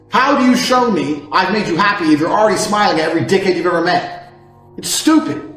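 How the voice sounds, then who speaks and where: A man in his thirties giving a brash, profane monologue, boasting and swinging from loud outbursts down to low mutters. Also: fairly quick. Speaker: self-improvement speaker. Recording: echoey room with faint music.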